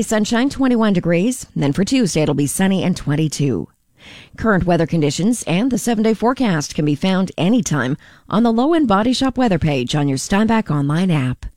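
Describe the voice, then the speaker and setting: A woman presenting a radio weather forecast with an even, clear delivery. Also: fairly low pitch, fairly quick, no room sound, studio quality.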